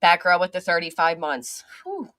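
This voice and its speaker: A woman's voice: lowish voice, very animated, normal speed, pushed and bright, dry recording, clean studio sound. A woman hosting a casual livestream, chatting and greeting viewers by name, swearing now and then. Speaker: channel host.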